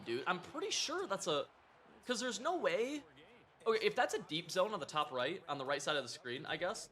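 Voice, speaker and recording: A young man streaming a football video game, chatting and reacting in casual gameplay commentary, swinging from muttering to yelling. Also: mid-range voice. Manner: excitable, talks to himself and the opponent, jumps from mutters to yells.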